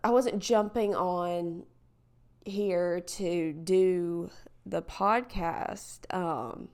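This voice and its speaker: Solo podcast host, woman; slow, meandering, candid delivery with a smooth, clean voice. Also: on the low side, darkish tone. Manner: hesitant, rambling, filler-heavy; reflective and candid. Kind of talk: casual solo podcast talk.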